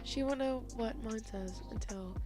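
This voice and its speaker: A woman's voice: fairly high pitch, unhurried, music in the background. A young woman giving a heartfelt, teary message to her best friend and co-host, laughing and swearing casually. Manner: emotional, laughing through tears, casual swearing.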